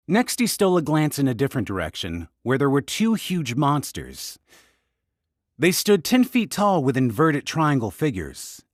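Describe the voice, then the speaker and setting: A male narrator reading a fantasy web novel aloud, his pitch moving freely up and down. The voice sounds dry and close to the mic. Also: dry recording. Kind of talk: scripted audiobook narration.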